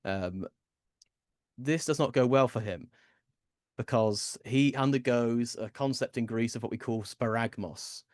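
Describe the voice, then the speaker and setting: A man's voice: medium pitch, measured pace, darkish tone, no room sound, clean studio sound. A man giving a casual, rambling seminar lecture, with frequent ums and restarts.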